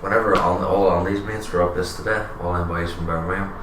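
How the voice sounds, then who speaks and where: A man's voice: sits low, fairly even intonation, fast talker. A man, a guest telling stories in casual chat, swearing and laughing as he goes. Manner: storytelling, swearing, laughing mid-story. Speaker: podcast guest. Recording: echoey room, far from mic, noisy.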